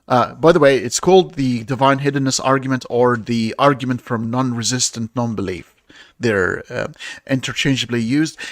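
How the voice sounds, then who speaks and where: A man in a casual podcast discussion, explaining an argument in a halting way with many fillers and restarts. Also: mid-range voice, no echo, clean studio sound.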